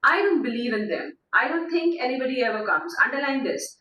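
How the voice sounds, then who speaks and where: A woman's voice: high-pitched, sing-song, fairly quick, bright, forceful tone. A woman teacher reading a play aloud to her class and explaining it, with asides and fillers. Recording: echoey room, speaker far from mic.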